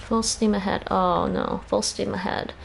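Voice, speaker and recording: Gravelly-voiced Canadian woman streamer. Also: mid-range voice, steady tone, moderate pace, a little hiss or hum. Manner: chatty, laughs often, thinks aloud. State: a little tired. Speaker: game streamer. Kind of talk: casual chat while streaming gameplay.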